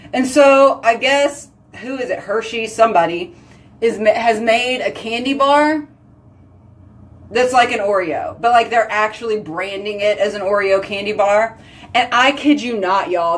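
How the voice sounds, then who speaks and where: A woman with a mid-range voice hosts a casual live video chat, telling giggly stories and answering viewer comments. She's chatty, and her voice sounds slightly off-mic, as if the mic is distant.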